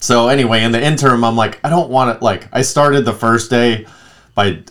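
Here a podcast co-host in his thirties talks casually, spinning lively stories and performing other people's lines. He has a mid-range voice and speaks a little fast.

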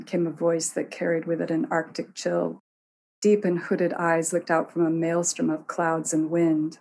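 A woman narrating a fantasy tale in a measured storytelling manner. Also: lowish voice, little pitch movement, gravelly, darkish tone, slight background noise.

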